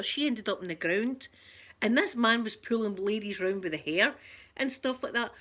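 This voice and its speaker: Scottish woman, middle-aged, soft-spoken ASMR chat, rambling storyteller, mid pitch. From Scotland. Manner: chatty storytelling, local words like wee and yous. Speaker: ASMR creator.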